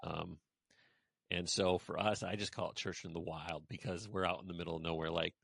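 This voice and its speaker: A man's voice: deep voice, level tone, a little fast, gravelly, a bit bright, dry recording, clean studio sound. A man hosting a casual podcast, talking in a rambling way with lots of "you know" fillers. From United States. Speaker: podcast host. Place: rural village.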